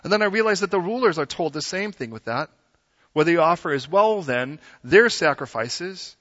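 A man preaching a sermon as pastor in a church, conversational and animated, acting out quotes in different voices. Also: fairly high pitch, moderate pace. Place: church sanctuary. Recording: dull sound with long hall reverb.

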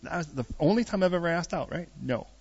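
A middle-aged man preaching a storytelling sermon, joking and swinging between loud bursts and hushed asides. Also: on the high side, animated, fast, slightly rough. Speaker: pastor. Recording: dull lo-fi sound.

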